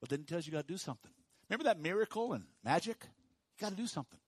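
A pastor preaching a sermon to his congregation, dropping to hushed, slow emphasis and rising to loud, high calls for the room to repeat after him. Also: sing-song, husky, no echo. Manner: swings from hushed low emphasis to loud high call-and-response.

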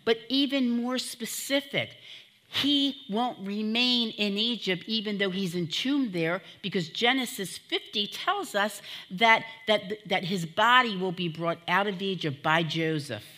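A woman with a mid-range, bright, forceful voice preaches unhurriedly to her church, teaching from scripture. She's fervent and emotional, calling out to the congregation.

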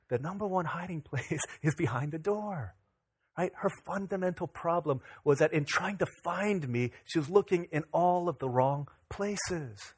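A man in his thirties, a pastor, preaching a sermon that opens with a lively family anecdote, acting out the dialogue in it. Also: a little high, normal speed, husky. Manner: animated, acts out dialogue in anecdotes. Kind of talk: sermon with storytelling.

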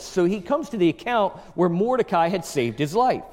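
High-voiced preacher in a reverberant hall. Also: male voice, normal speed. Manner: animated storytelling, reads scripture aloud. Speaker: pastor. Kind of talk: sermon.

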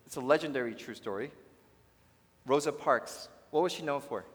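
A pastor preaching a sermon to his congregation, swinging from hushed to loud and addressing the listeners directly. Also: mid-range voice, animated, normal speed. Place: church sanctuary. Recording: long reverb of a large hall.

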